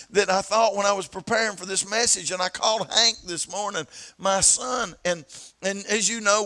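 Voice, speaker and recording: A pastor with a Southern East Tennessee accent preaches in a church sanctuary, his high voice ringing bright. He tells stories from the pulpit, repeating himself as he builds and drawing out the words he wants to hit home.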